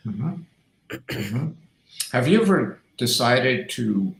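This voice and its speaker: Animated middle-aged man in an echoey room. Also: lowish voice, normal speed. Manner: animated, emphatic storyteller. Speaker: podcast host, doctor. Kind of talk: casual chat, storytelling.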